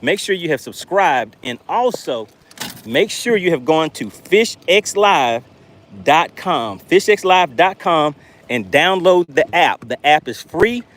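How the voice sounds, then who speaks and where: A man running a fishing live stream from a boat outdoors, reading viewer chat aloud with animated exclamations. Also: a little high, takes it slowly.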